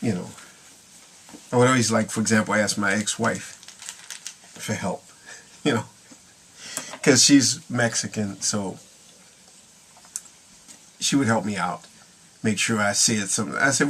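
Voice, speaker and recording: A man's voice: on the low side, unhurried, pauses often, a bit bright, slightly rough. A middle-aged man talking casually to camera in a rambling, chuckling way, now and then slipping into Spanish phrases. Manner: rambling, chuckling, drifts between English and Spanish. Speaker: vlogger.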